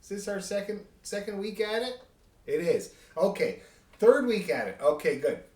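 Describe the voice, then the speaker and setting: Man, fiddle teacher, online lesson, chatty, rambling, slightly high voice, echoey room. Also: big pitch swings, normal speed, a little mellow. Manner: chatty, rambling, chuckling asides. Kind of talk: online group music lesson.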